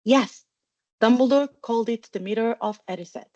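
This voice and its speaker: A woman voicing a quiet, earnest young schoolboy wizard who gives plain, subdued replies in a storybook reading. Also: on the high side, moderate pace, no echo, highs cut off, natural voice.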